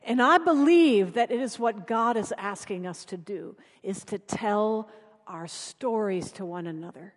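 A woman preacher giving a sermon, telling stories earnestly and dropping her voice soft for emphasis. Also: medium pitch, unhurried, big-room sound. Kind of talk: sermon with storytelling.

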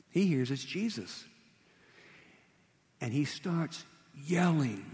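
A man preaching a sermon, retelling a story in a vivid, animated way. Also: on the high side, slow pace, pauses often, long reverb tail.

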